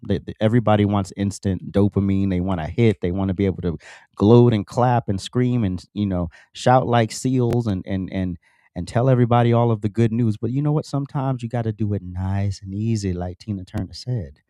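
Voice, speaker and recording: A man's voice: on the low side, warm tone, no echo, clean studio sound. A man hosting a political commentary show, ranting emphatically with sarcastic asides and plenty of repetition. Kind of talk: political rant monologue.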